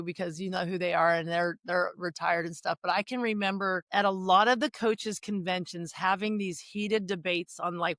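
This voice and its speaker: A middle-aged woman hosting a podcast interview, telling an animated story full of acted quotes. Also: fairly low pitch, no echo. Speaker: podcast host. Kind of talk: casual interview chat.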